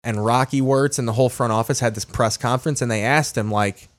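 A man's voice: medium pitch, fairly even intonation, brisk. A man with a Chicago accent co-hosting a podcast in blunt, profane casual chat. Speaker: podcast co-host.

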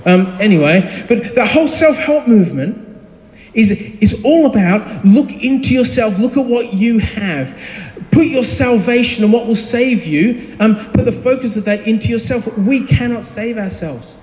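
A man's voice: sits high, lively intonation, moderate pace. A man in his thirties, a pastor giving a conversational sermon with frequent fillers and restarts. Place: church hall. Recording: echoey hall.

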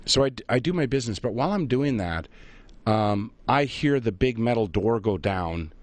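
A man's voice: medium pitch, normal speed, no echo. Middle-aged man spinning a yarn. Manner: animated, self-mocking storyteller who laughs at his own tale. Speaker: radio show host. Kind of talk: casual on-air storytelling.

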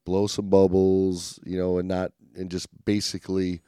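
A man's voice: low-pitched, monotone, normal speed, dark tone, clean tone, no echo, studio quality. A man co-hosting a podcast in casual chat, rambling and upbeat with lots of fillers and restarts. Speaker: podcast co-host.

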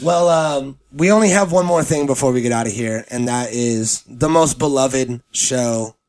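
A man hosting a comedy podcast, animated and laughing as he jokes with friends. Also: medium pitch, normal speed. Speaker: podcast host. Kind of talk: joking comedic banter.

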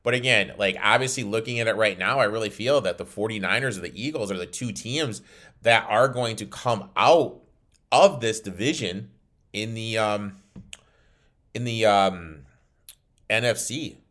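A man's voice: fairly low pitch, normal speed, fairly bright tone. A man hosting a sports betting podcast, talking casually and bluntly, venting and swearing between picks. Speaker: podcast host.

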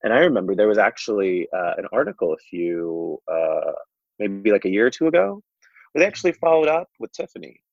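A man's voice: lowish voice, very animated, brisk, vocal fry, a little mellow, no echo, muffled recording. A man hosting casual chat, rambling with lots of fillers and frequent laughs.

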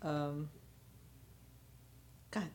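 A woman with a low voice co-hosts a podcast in a loose, casual chat. She rambles, trailing off with fillers and starting her sentences over. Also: very slow, darkish tone. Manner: rambling, many fillers and restarts. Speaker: podcast co-host.

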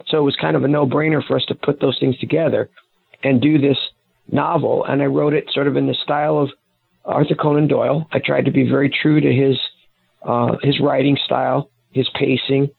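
A man's voice: medium pitch, creaky, slightly rough, dry recording. A man, a guest author and investigator, explaining things at length with some restarts over the phone. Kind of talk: casual interview talk. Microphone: phone call. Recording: tinny phone line.

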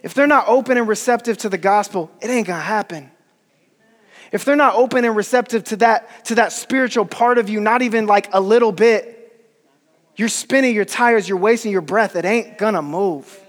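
A man's voice: sits high, brisk. A man preaching a sermon in a casual, slangy, earnest way. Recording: long hall reverb.

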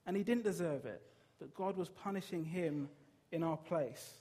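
A preacher with a notably high-pitched male voice delivers his sermon. He speaks earnestly and with emphasis, turning often to rhetorical questions for his listeners. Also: moderate pace, dark tone, slightly rough.

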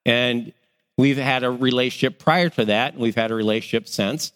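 A middle-aged man preaching a sermon, animated, acting out people's reactions as he tells stories. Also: medium pitch, normal speed, long reverb tail. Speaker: pastor.

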